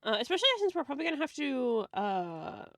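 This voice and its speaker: A woman's voice: high-pitched, sing-song, fast talker, gravelly, a bit bright, no echo, studio quality. A woman streamer chatting casually while she draws, playful and joking, laughing often.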